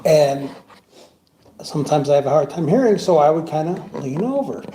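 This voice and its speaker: A man's voice: a little high, animated, moderate pace. A man telling laughing, jokey stories about a coworker at a funeral service. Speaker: coworker giving a eulogy. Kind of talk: storytelling eulogy at a funeral. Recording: roomy hall with clear background noise.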